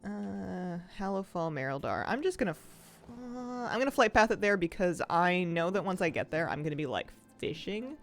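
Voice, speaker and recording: Lively, chatty woman game streamer. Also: fairly low pitch, moderate pace, hardly any pauses. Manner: chatty and rambling, laughing often. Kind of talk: casual live-stream chat while gaming.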